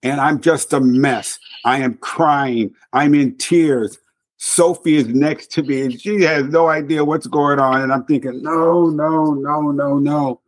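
A man's voice: medium pitch, measured pace. An earnest man in the middle of his speaking range tells a hard personal story as a podcast guest. His telling is emotional and heartfelt, and he doubles back on words to press them home.

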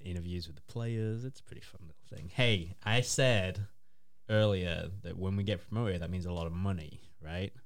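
A man hosting a casual show, chatty and playful, with quick asides. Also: low voice. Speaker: podcast host. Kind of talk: casual chat.

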